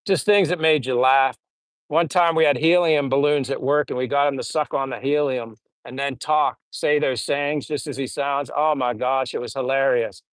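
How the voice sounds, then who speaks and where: A man's voice: mid-range voice, fairly even intonation, normal speed, no echo, poor audio. A middle-aged man rambling through funny old stories while reading out live chat on a casual stream. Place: home in the Philippines.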